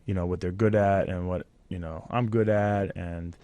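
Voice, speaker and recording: A man's voice: sits low, fairly even intonation, normal speed, dark tone, dry recording. A man in his thirties, a fighter guest in a casual interview chat, choked up and emotional. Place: studio.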